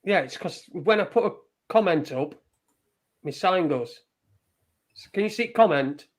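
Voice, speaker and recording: A man's voice: sits high, expressive, a little slow. A man chatting casually as a guest on a video call, asking loose questions and swearing often. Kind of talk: casual chat.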